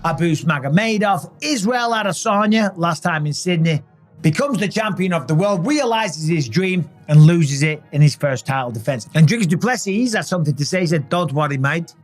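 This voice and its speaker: A man's voice: on the high side, lively intonation, moderate pace, faint music behind. A man in his forties hosting a casual reaction commentary, emphatic and fond of asking "okay?" to drive points home. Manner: emphatic, tags lines with "okay?". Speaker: host.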